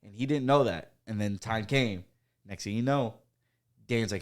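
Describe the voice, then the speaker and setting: A man in a casual podcast chat, telling profane, animated stories full of acted-out quotes. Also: on the low side, normal speed.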